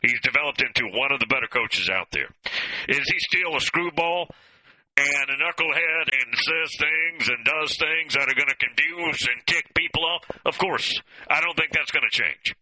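A man's voice: a little high, normal speed, bright, forceful tone, no echo, rough recording. A man hosting call-in sports talk radio, folksy and opinionated. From American South.

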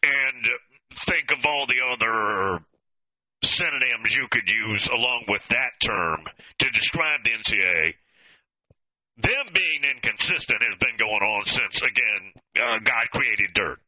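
Animated, bright-voiced sports radio man. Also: medium pitch, unhurried, dry recording, poor audio. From American South. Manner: opinionated, folksy, animated. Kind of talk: call-in sports talk.

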